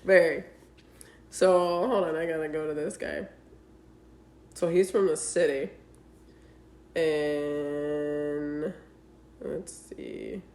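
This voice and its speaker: A woman's voice: low-pitched, drawn-out words, pauses often. A woman co-hosting a casual podcast, telling dating stories and acting out the texts with lots of swearing. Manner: animated storytelling, acting out quoted texts, heavy swearing. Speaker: podcast co-host. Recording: roomy echo.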